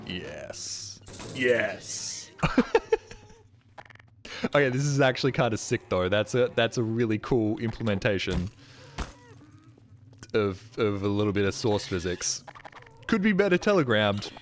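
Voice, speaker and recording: Sarcastic male game streamer, lively pitch. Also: measured pace, long pauses, a little hiss or hum. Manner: sarcastic, swings from muttering to excited shouting. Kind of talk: live gameplay commentary.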